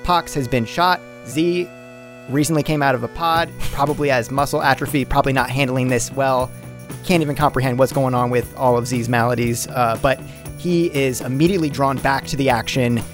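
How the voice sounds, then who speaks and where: A man's voice: medium pitch, brisk, faint music behind. A man narrating his character's actions in a tabletop role-playing game, rambling and profane.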